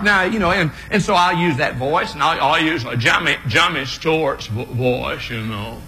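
A man doing energetic stand-up comedy, stammering and laughing at his own jokes. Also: on the high side, normal speed, hardly any pauses. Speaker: comedian and preacher. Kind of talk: live stand-up comedy with impressions. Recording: long hall reverb, faint ambience.

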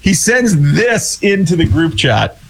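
Animated man telling a story. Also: high-pitched, slow pace, creaky. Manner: animated, exasperated rambling. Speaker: hockey podcast co-host and weekly guest. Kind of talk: casual storytelling chat.

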